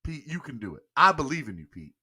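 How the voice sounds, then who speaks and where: A man's voice: mid-range voice, sing-song, fast, pushed and bright. A young man hosting a casual live-stream sports show, playfully coaxing a guest and laughing often. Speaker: podcast host.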